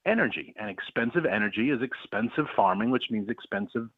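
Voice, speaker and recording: A man's voice: on the low side, expressive, brisk, husky, no room sound. Blunt man on a tinny phone line. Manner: blunt, scornful, folksy. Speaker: guest, farmer and policy director. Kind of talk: phone interview.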